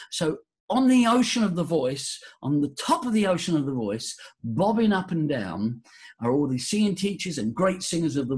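An older man tells his story with a husky, slightly breathy voice. He is animated and lively, restarting his phrases as ideas tumble out. His pitch sits squarely in the middle. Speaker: vocal coach and guest. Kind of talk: casual storytelling interview.

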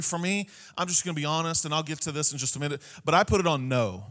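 A man with a notably high voice delivers a sermon from the pulpit. He preaches with emphatic repetition and keeps turning to his listeners with "Amen?" to bring them along. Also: quick pace, hardly any pauses, pushed and bright. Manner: preaching with repeated phrases and frequent "Amen?" to the congregation. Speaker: pastor.

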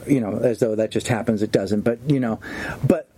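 A man co-hosting a podcast, riffing in fast, profane, joking casual chat. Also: fairly low pitch, dark tone, slight background noise. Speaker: podcast co-host.

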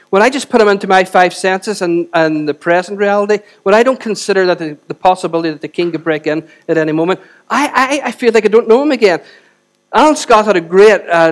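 A man preaching a sermon to a church congregation, swinging between loud exhortation and quiet, close moments, and often asking the audience rhetorical questions. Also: sits high, fast. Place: church service.

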